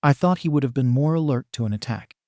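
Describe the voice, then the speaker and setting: A man reading the lines of a tired, dry-humored male teacher in an even, unhurried way, in a dry, close recording. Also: medium pitch, dry recording, natural voice. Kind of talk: fan fiction reading.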